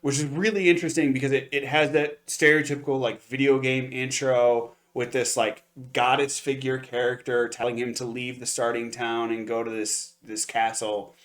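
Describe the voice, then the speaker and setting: This man's medium-pitched voice barely moves in pitch, and he keeps a moderate pace with hardly any pauses. Co-hosting an anime review podcast, he rambles through an episode recap full of fillers and restarts in casual review chat.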